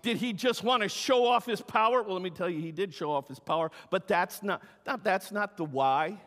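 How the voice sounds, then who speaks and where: High-voiced preaching man in a reverberant hall. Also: normal speed. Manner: emphatic preaching that swings between loud cries and hushed, soft talk. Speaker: pastor. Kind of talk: sermon. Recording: long reverb of a large hall.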